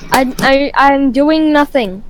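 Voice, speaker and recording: Excitable woman co-player, giggly with dramatic outbursts, high voice, slow unhurried delivery. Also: background noise. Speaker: stream co-player. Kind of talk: casual gaming stream chat.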